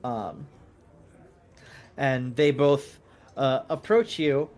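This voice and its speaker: A man narrating a tabletop game as dungeon master in a relaxed, meandering way. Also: medium pitch, very slow.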